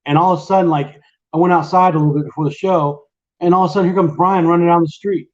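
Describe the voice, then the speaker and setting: A man's voice: fairly high pitch, fairly even intonation, fast talker, darkish tone. A man co-hosting a casual late-night chat show, rambling and laughing often. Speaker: podcast co-host. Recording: lo-fi dull sound.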